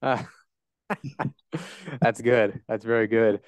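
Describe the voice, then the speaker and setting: A man's voice: mid-range voice, drawn-out words, dry recording. A man hosting a podcast interview, chatting casually and rambling with lots of fillers. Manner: relaxed, rambling with many fillers. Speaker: podcast host.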